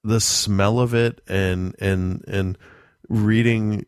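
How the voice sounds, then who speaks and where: A man chatting casually, swearing freely and telling stories with dark humor and frequent laughter. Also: lowish voice, fairly even intonation, slow, clear, resonant tone, dry recording, studio quality. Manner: profane, darkly joking, laughs often. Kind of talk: casual chat.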